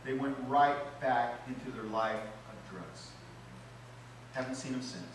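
A man, a pastor, preaching a sermon in a church, swinging between loud, rising lines and low, quiet emphasis. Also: a little slow, a little hiss or hum. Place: church sanctuary. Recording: echoey church hall, mic at a distance.

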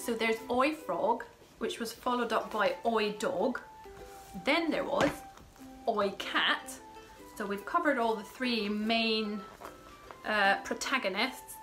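A woman in her thirties chats animatedly about children's rhyming books. Her voice sits a little high. Music plays over the recording. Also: poor audio. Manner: chatty, animated, reads rhymes aloud with playful emphasis. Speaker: children's book blogger. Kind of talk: casual book recommendations with read-aloud.

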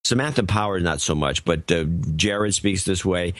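A man's voice: low-pitched, normal speed, a bit bright, no room sound, clean studio sound. An older man co-hosting a talk podcast in casual chat, grumbling and sarcastic. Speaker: co-host.

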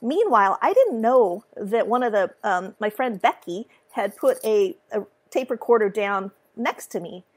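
A woman guest author with a sing-song way of talking, telling a story in an animated, chatty way. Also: mid-range voice, measured pace, hardly any pauses. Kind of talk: casual chat.

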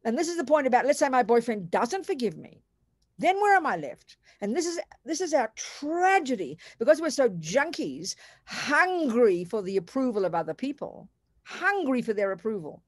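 An older woman with an Australian accent, a Buddhist nun giving an animated, emphatic dharma talk to a class in blunt, colloquial words. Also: fairly high pitch, normal speed, no room sound, clean studio sound.

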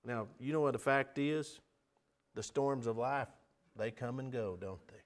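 A middle-aged man preaching a sermon, earnest, building to emphatic appeals and dropping to soft pleas. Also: mid-range voice, measured pace.

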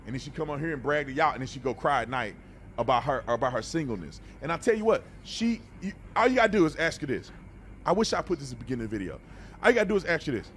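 A man's voice: medium pitch, very animated, rapid-fire, a bit bright, slight background noise. A man hosting a reaction video, talking bluntly and animatedly in a preachy, casual way and often repeating words.

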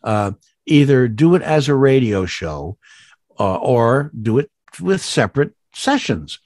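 An older man, a voice actor, chatting in an interview and telling rambling stories with many restarts and sudden jumps up in pitch. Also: big pitch swings, a little slow, darkish tone, dry recording, clean studio sound. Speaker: guest voice actor. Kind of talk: casual interview chat.

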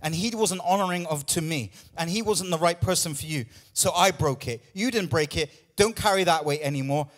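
Man, pastor, high voice, emphatic repetitive sermon in a church. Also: fairly quick, hardly any pauses. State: out of breath.

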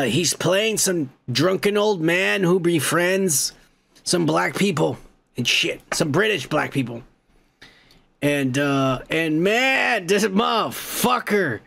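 A man's voice: a little high, creaky, fairly bright tone. A man hosting a comedy podcast, ranting indignantly and swearing constantly. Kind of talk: profane comedic rant.

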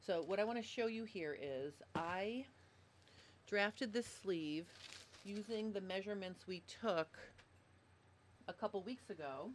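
A woman's voice: mid-range voice, unhurried, pauses often, a little hiss or hum. A woman giving a live-streamed sewing tutorial at a desk microphone, chatty and explaining step by step. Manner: chatty, apologetic about audio trouble. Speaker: sewing instructor.

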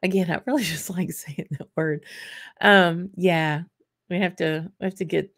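A woman's voice: fairly low pitch, measured pace, a bit bright, no echo, clean studio sound. A middle-aged woman hosts a casual whisky livestream, chatty, laughing often and restarting her sentences. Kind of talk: casual chat reading viewer comments.

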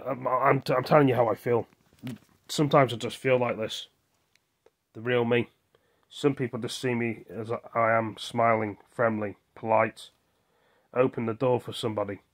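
Frustrated man venting to camera. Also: medium pitch. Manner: frustrated, rambling, asks himself questions. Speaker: vlogger. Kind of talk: venting personal video monologue.

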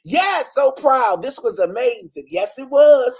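Flamboyant husky man hosting a live stream. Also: very high voice, a little slow. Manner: flamboyant, exclamatory, animated. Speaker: host of a live online talk show. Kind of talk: casual live-stream chat reading comments.

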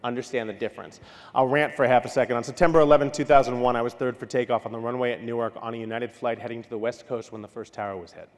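A man from New York giving a conference keynote talk, telling stories with quick asides and acting out what people said. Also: medium pitch. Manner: animated, storytelling with quick asides and acted-out quotes. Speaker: keynote speaker. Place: large hall. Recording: long hall reverb.

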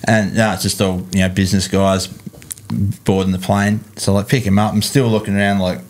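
Low-voiced Australian storyteller. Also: male voice, brisk. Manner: relaxed storyteller, lots of fillers. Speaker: musician guest. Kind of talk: casual storytelling.

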